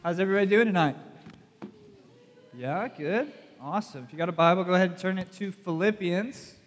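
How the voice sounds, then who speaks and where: Southern-accented male pastor, casual and self-deprecating, slightly higher voice, long hall reverb. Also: brisk, faint music behind. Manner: chatty, self-deprecating, direct questions to the audience. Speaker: youth pastor. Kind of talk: casual conversational sermon.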